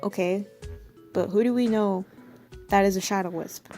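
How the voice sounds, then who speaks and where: A woman's voice: mid-range voice, steady tone, normal speed, a little mellow. A young woman vlogger reading her old story aloud and roasting it with sarcastic, giggly commentary. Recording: faint background music.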